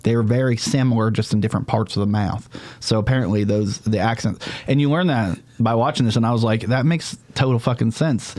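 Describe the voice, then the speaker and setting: A young man chatting on a podcast panel, playful and quick to slip into accents and song. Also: darkish tone. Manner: playful, bursts into accents and high falsetto singing. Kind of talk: casual chat.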